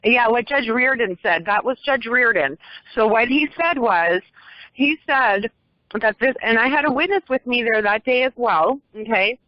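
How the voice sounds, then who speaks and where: A woman's voice: on the high side, expressive, moderate pace, dry recording. A woman calling in as a guest, telling her story in a rambling way with many restarts and frequent checks that she is understood. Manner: rambling, restarts sentences, seeks reassurance. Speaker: guest caller. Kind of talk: casual call-in interview. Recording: muffled lo-fi call audio.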